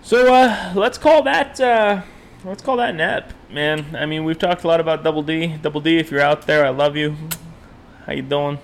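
A man's voice: a little high, normal speed, creaky, slight background noise. A young man co-hosting a casual podcast, laid-back and swearing often. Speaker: podcast co-host. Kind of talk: casual chat.

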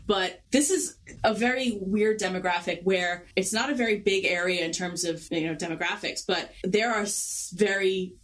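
A woman from Long Island with a Long Island New York accent, co-hosting a podcast in animated casual chat. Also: medium pitch, moderate pace. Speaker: podcast co-host.

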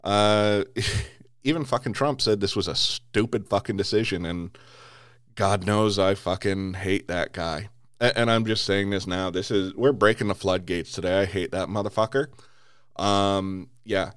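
A man's voice: low voice, unhurried, fairly bright tone, clear, resonant tone, no room sound. A man hosting a podcast, delivering an angry political rant full of swearing and stumbling restarts. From United States. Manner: heavy swearing, repeated restarts.

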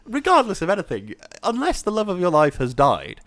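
Lively man chatting. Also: high voice, fairly quick, no echo. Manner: animated, acts out quoted voices, frequent "do you know what I mean". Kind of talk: casual chat.

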